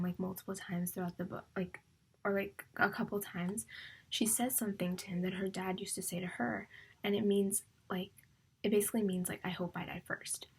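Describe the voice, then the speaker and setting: On her book vlog, a young woman talks about what she's been reading in a rambling, emotional way, full of fillers and repeated "like," sometimes slipping into a whisper. Her voice is mid-range, gravelly, with a breathy edge.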